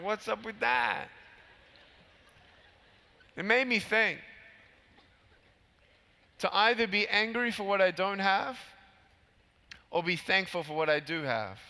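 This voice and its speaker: A high, creaky-voiced man in his thirties speaks at a measured pace with long pauses, delivering a motivational keynote at a large convention. He brings his stories to life by acting out scenes, and the PA produces long hall reverb.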